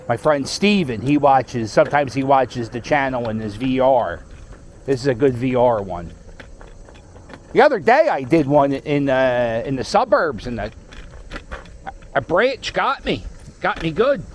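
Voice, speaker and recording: Over slight background noise, a mid-range male voice offers rambling, wry running commentary and stories from a moving scooter in a park.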